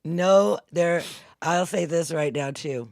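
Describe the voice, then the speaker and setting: Casting: expressive woman with a gravelly edge, motivational co-host, dry close sound. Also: lowish voice, slow pace, no echo. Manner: animated, acts out inner voices, drops to hushed intensity. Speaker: co-host, spiritual coach. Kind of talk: spontaneous motivational talk.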